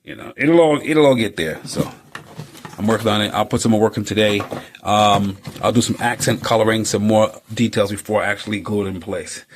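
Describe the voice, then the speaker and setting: Brief: male artist-maker, lowish voice, loose rambling workshop vlog, faint clicks behind. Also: fairly quick, slight background noise. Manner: rambling, many fillers, playful sound effects like "ta-da". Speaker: artist and model builder. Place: home workshop.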